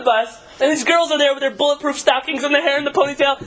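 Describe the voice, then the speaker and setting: A man's voice: very high voice, fast, few pauses, sharp tone, low-quality recording. A man, a rabbi, giving a live talk and telling stories in a conversational way, asking his audience questions.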